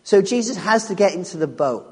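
Preaching on scripture, this man is emphatic, restarting sentences and repeating key phrases. He has a high-pitched, slightly rough voice with animated, brisk delivery, echoing through the long reverb of a large hall.

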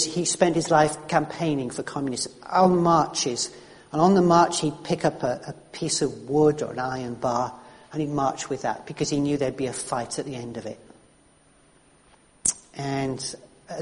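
A man's voice: a little high, in a large hall. A man preaching a sermon, chatty and storytelling, often repeating words as he restarts.

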